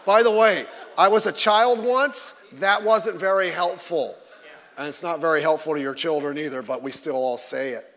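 A pastor preaching a Sunday sermon in a relaxed, joking way to his congregation. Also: a little high, normal speed. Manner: conversational with jokes to the congregation. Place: church sanctuary. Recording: long reverb of a large hall.

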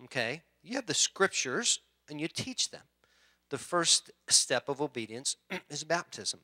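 A middle-aged male pastor gives a sermon in a bright, forceful voice set a little high. He talks in a loose, conversational way, restarting sentences and clearing his throat now and then. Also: big pitch swings, a little slow.

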